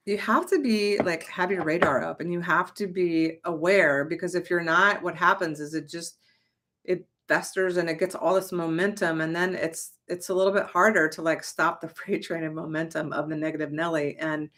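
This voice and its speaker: A young adult woman with a slightly low voice talks casually and emphatically as a manifestation coach. She is chatty, swears lightly and now and then breaks into loud exclamations. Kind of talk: casual motivational talk to camera.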